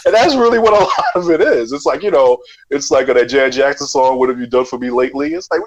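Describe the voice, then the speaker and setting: A man's voice: mid-range voice, animated, fast talker, poor audio. A man hosting a podcast in casual chat, laid-back and reflective. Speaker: podcast host.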